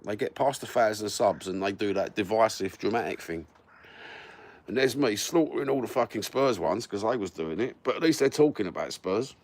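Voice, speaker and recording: A Cockney man in his fifties with a fairly low voice talks straight into his phone on a live stream. He rambles and swears freely with easygoing, blokey banter. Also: animated, brisk. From London. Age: 50s. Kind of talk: casual live-stream chat.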